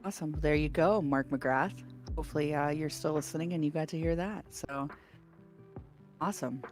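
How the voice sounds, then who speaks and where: A woman with a New York accent co-hosting a livestream, reading viewer messages in a bubbly, animated way and laughing often. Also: low-pitched, normal speed, faint music behind. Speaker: livestream co-host reading chat. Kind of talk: casual livestream chat.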